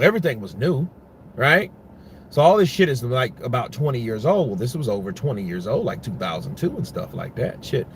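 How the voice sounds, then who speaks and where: A man's voice: medium pitch, a little hiss or hum. A man giving casual, rambling boxing commentary, full of profanity and restarts.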